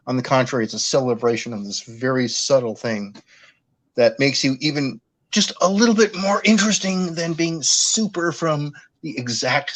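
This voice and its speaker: A man from Massachusetts in casual chat, animated and effusive, often laughing as he talks. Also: mid-range voice, poor audio. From Worcester, Massachusetts. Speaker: chat participant.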